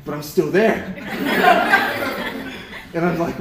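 A young man preaching a sermon to a congregation, telling a story in an animated way with repeated words and frequent laughs. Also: high voice, takes it slowly, long pauses, background noise. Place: church hall. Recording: echoey room with a congregation. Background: congregation responding.

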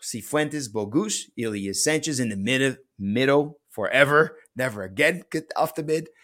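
A man co-hosting a casual sports podcast, opinionated and breaking into quick laughs. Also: medium pitch, animated, a bit bright. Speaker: podcast co-host.

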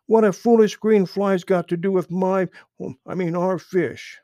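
A man doing a high, shouting, hot-tempered otter. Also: steady tone, unhurried, no echo. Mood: snappish. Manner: snappish, shouting. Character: young male otter, hot-tempered and sulky.

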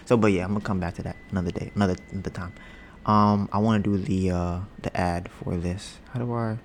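A young man talks loosely into his podcast mic at home, wandering from topic to topic and joking about his own smooth voice. His voice sits low, with a faint hiss in the background. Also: fairly even intonation, quick pace. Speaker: podcast host. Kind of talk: casual podcast chat. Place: home, storm outside. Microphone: podcast mic with headphones.

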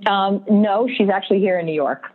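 A woman being interviewed, telling animated stories about her career with frequent laughter. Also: medium pitch, a little fast. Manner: animated storyteller, laughs often. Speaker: guest. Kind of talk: casual interview chat. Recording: tinny phone-like line.

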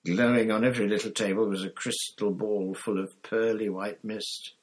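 A man reading a storybook aloud in a plain, unhurried way, with occasional slips. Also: on the low side, flat delivery, slightly rough. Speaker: reader. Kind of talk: storybook narration.

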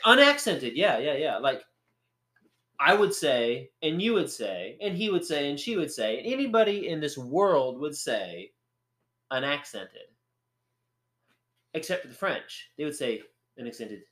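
A man's voice: fairly high pitch, very animated, unhurried, pauses often, fairly bright tone, echoey room. A man co-hosting a podcast, chatting in a rambling, joking, playful way. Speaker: podcast co-host. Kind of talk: casual chat.

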